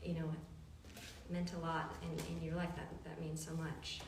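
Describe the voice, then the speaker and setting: A woman's voice: low voice, completely flat delivery, moderate pace. A woman chatting on a livestream, affirming others and telling stories in a chatty way. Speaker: actress signing autographs on a livestream. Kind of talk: casual chat. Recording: roomy, distant livestream sound with hiss.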